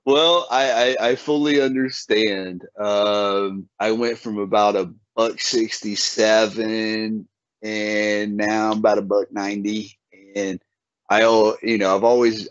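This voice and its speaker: A man telling a folksy story in casual chat, his voice leaping high whenever he quotes people. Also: no echo. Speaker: podcast guest. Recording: dull lo-fi sound.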